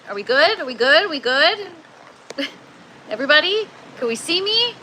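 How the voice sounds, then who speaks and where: A woman's voice: sits high, very animated, normal speed, pushed and bright, slight background noise, low-quality recording. A young woman hosting a casual livestream, chatty and laughing often as she greets viewers by name from an indoor grow tent. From Canada. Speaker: livestream host.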